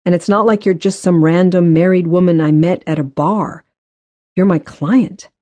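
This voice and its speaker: A woman's voice: fairly low pitch, fairly even intonation, normal speed, warm tone, no room sound, highs cut off, close to an everyday voice. A woman narrator voicing a male gardener who is earnest and conflicted, speaking hesitantly and apologetically in a storybook reading.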